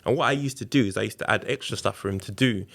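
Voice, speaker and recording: A man's voice: fairly low pitch, racing, vocal fry, a bit bright, breathy edge. A man, telling a personal story in a candid, conversational way as a podcast guest. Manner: candid, conversational, re-enacts quotes. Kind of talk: casual storytelling interview.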